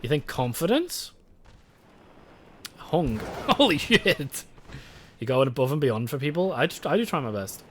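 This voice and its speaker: A man's voice: medium pitch, very animated, normal speed, pauses often, darkish tone, slight background noise. A young British man streaming a game, chatting casually with his chat, swearing and rambling. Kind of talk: casual live-stream chat while gaming.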